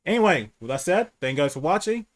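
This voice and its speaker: A man hosting a casual livestream chat, candid and profane, who says he speaks low and rambles with restarts. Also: sing-song, fast.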